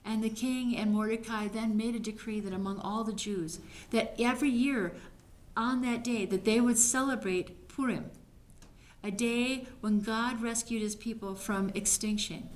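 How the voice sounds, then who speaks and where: A woman Bible study teacher retelling a Bible story casually, lively and acting out the people in it. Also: a little high, measured pace. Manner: lively, acts out quoted voices.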